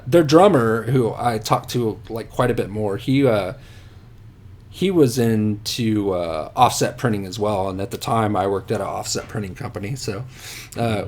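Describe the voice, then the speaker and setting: A man telling rambling, profane stories about himself as a podcast guest. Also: on the low side. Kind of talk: casual podcast storytelling.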